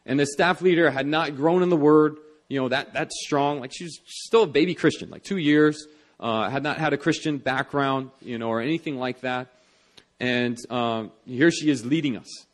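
A man's voice: mid-range voice, normal speed. A young adult man preaching a sermon in an earnest, conversational way, with many fillers and restarts as he tells a personal story. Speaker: pastor.

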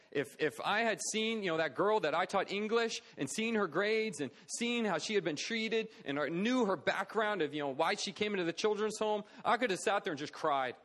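A man's voice: high-pitched, a bit bright. A man preaching a sermon in an earnest, conversational way, with fillers and restarts. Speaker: preacher for an orphan charity.

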